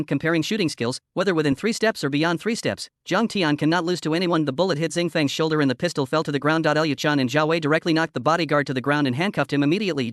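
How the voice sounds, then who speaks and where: Fast-talking male story narrator. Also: fairly high pitch, fairly bright tone, no room sound, clean studio sound. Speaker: recap narrator.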